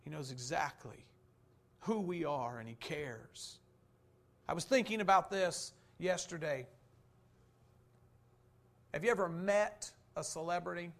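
A man preaching a sermon, posing rhetorical questions and answering them, swinging from fervent emphasis to soft, low reflection. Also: expressive, unhurried, pauses often. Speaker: pastor.

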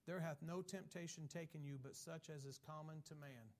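Man, pastor, sermon, emphatic preaching, fairly high-pitched. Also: normal speed, darkish tone. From has Irish ancestry. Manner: emphatic preaching, mimicking excuses in a higher voice.

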